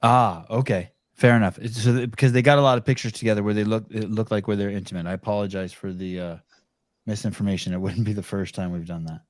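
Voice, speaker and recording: Man co-host: mid pitch, dry close mic, loose and profane. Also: steady tone, fast, no echo. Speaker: podcast co-host. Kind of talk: casual podcast banter.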